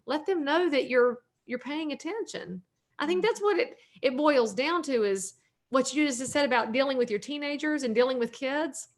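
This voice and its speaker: Southern woman, 40s, realtor guest, chatty and joking, a bit high-pitched. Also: moderate pace. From North Carolina, US. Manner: talkative, joking, upbeat. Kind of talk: casual interview chat.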